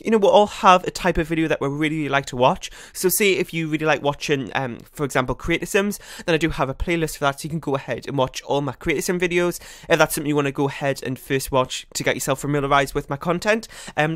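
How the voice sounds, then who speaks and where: Fast-talking man, rambling chatty commentary. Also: on the high side, a bit bright, no echo, studio quality. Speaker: YouTuber. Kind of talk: casual voice-over commentary on a building game.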